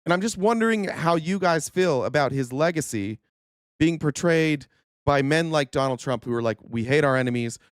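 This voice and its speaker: A man's voice: a little high, animated, normal speed, clean tone, no echo, clean studio sound. A man hosting a political commentary livestream, earnest and indignant, stumbling over restarts and losing his voice. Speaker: host.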